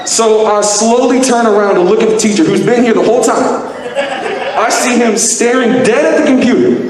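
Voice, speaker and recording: A young man doing stand-up at an open mic, telling a self-mocking, profane story with lively timing. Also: extremely high pitch, moderate pace, crowd noise. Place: large convention hall with live audience. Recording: echoey hall, distant mic, noisy.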